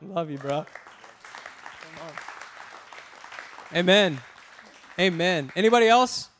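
A man preaching a lively sermon, prompting the congregation to repeat words and talking in a casual, self-interrupting way. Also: sits high, very slow, some chatter behind, a little hiss or hum. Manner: energetic, call-and-response with congregation. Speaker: pastor.

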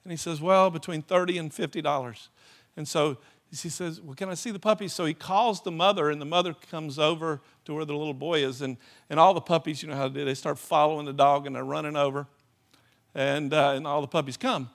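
A man preaching a sermon, telling stories in a rambling, animated way and often restarting his sentences. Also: on the high side, fairly quick, gravelly. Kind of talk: sermon with storytelling.

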